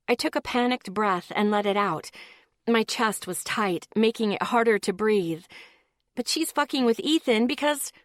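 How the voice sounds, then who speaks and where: A woman's voice: medium pitch, a bit bright, no room sound, studio quality. Woman narrating a tense first-person audiobook. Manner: tense, blunt, profane first-person telling.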